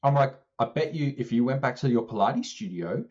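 A man co-hosting a casual podcast, telling an animated story and acting out both sides of the conversation, swearing now and then. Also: medium pitch, a little fast, lo-fi sound. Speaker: strength coach co-host.

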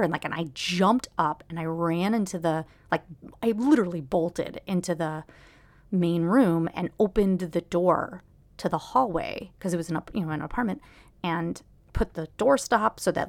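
Halting low-voiced woman telling a story. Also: creaky, no echo. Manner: halting, full of restarts and fillers, often drops to a hushed whisper. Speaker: podcast host. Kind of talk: personal storytelling podcast.

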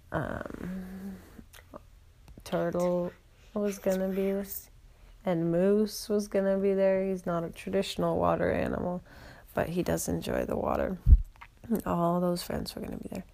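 Woman with a low, gravelly storytelling voice. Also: warm tone. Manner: rambling, with fillers and restarts. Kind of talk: improvised children's story narration.

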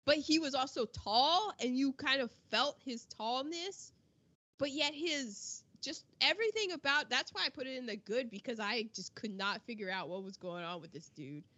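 A high, bright woman's voice that swoops up and down as she chats about a film. She tells the story in an animated, exclamatory way with slang. The recording sounds a bit dull and lo-fi. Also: moderate pace. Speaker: podcast co-host. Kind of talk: casual film discussion.

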